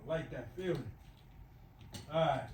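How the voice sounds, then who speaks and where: Man, casual vlogger, slow, counting reps aloud, effortful; room echo, camera mic across the floor. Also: fairly high pitch, a little mellow, distant mic, slight background noise. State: exerting himself. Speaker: vlogger doing knee rehab exercises. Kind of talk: casual exercise vlog narration. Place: home room, lying on the floor.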